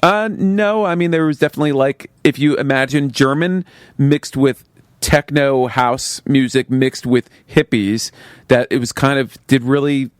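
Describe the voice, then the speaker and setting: A man co-hosting a casual studio chat, relaxed and explaining at length. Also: mid-range voice, moderate pace, no echo. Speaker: co-host.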